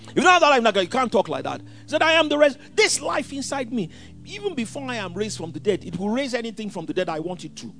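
A man preaching a sermon, swinging from hushed asides to shouted scripture quotes. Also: extremely high pitch, sing-song, quick pace, a little hiss or hum.

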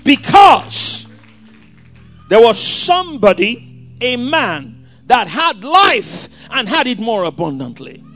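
A man preaching a sermon, swinging from hushed asides to shouted scripture quotes. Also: very high voice, big pitch swings, takes it slowly, faint music behind.

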